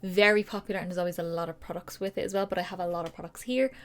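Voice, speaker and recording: A woman's voice: on the low side, steady tone, racing. A young woman, chatting and rambling enthusiastically in a casual beauty haul vlog at home. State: out of breath. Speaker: beauty vlogger. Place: home room with holiday decor.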